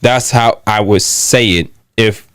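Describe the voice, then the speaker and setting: Smooth-voiced young man, earnest guest. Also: fairly low pitch, fairly bright tone, no echo, clean studio sound. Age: young adult. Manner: earnest, plain-spoken slang, halting restarts. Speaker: podcast guest, gaming creator. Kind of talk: casual chat.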